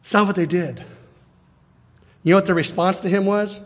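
A man preaching a sermon in a conversational, animated way, acting out the quotes he reads. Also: high voice, moderate pace, big-room sound. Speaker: pastor.

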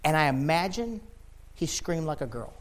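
Guy preaching hard, kinda high voice, shouts then goes quiet. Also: big pitch swings, moderate pace. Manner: impassioned preaching, swings from loud shouting to low quiet. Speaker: pastor. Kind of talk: sermon.

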